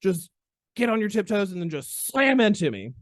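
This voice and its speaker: A gruff, unbothered old Southern doctor, as a man puts him on, drawls out folksy commands in a pitched-up voice. The sound is dry and close, with no room around it. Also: very animated, moderate pace, dry recording. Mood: urging. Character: older heavyset male mentor chiropractor, gruff and unbothered.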